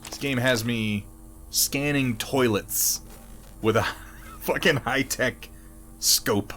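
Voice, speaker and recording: A man's voice: medium pitch, slow, long pauses, fairly bright tone, faint music behind. A man giving casual, sardonic and profane commentary while playing a video game. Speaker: let's play host.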